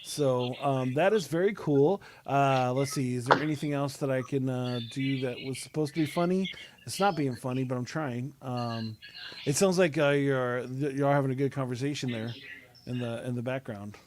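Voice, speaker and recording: A man hosting a podcast over a video call, chatting casually and rambling with many pauses and fillers. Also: mid-range voice, noisy background. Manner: rambling, hesitant, lots of uh and um. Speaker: podcast host. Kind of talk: casual chat.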